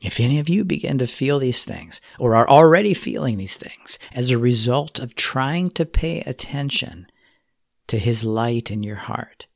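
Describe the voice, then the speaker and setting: A man giving a sermon, speaking in an earnest, measured way as he exhorts his listeners. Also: mid-range voice, vocal fry, no room sound, clean studio sound. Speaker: preacher.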